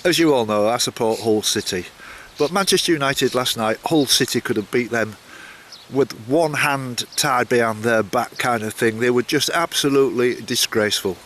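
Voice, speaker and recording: A man's voice: mid-range voice, moderate pace, a bit bright, a little hiss or hum. An older man talking in a rambling, chatty vlog style as he sets off on a long walk and chats with locals, full of asides and restarts. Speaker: walking vlogger. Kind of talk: casual vlog chat.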